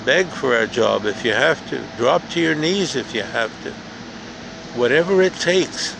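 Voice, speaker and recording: An older man hosts a podcast from a park, with faint outdoor sounds behind him. Speaking a little slowly in an animated, gravelly, mid-range voice, he earnestly repeats himself through a motivational story that climbs toward emphatic rhetorical questions.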